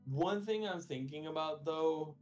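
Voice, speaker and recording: A man co-streaming a game, chatting casually and thinking out loud. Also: fairly high pitch, measured pace, soft background music. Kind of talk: casual gaming chat.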